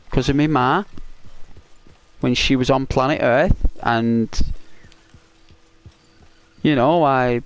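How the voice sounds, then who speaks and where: Rambling, teasing Northwest English man. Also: on the high side. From Northwest England. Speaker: gaming YouTuber. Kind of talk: casual chat with viewers during gameplay.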